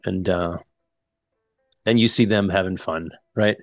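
A man with a very low voice, recapping a film in easy podcast chatter. He slips into quick impressions of the characters as he retells the plot. The recording sounds dry and slightly muffled. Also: dry recording, faint music behind. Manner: animated retelling with quoted dialogue. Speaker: podcast co-host. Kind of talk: casual chat recapping a film.

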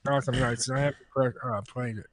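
A man's voice: mid-range voice, fairly even intonation, a little fast, a bit bright, no echo. A hungover man co-hosting a casual chat, stammering and exasperated. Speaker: podcast co-host.

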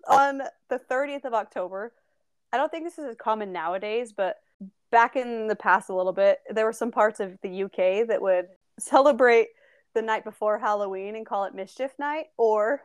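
A woman's voice: on the high side, smooth, dry recording, studio quality. A young woman from the Southwest United States co-hosting a podcast in a casual, playful, giggly chat. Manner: giggly, playful, quick to joke. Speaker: podcast co-host.

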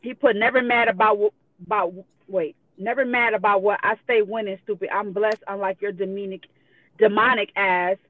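A woman with a mid-range voice and fairly even intonation talks at a moderate pace, with no room sound audible. As a guest on a live call, she reads messages aloud bluntly and profanely, laughing after each. The call has a tinny phone-line quality.

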